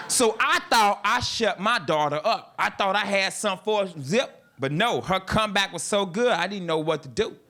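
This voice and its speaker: A man's voice: high-pitched, bright, forceful tone. A man from North Carolina, performing a stand-up routine with punchy storytelling aimed straight at the audience. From North Carolina, USA. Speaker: stand-up comedian.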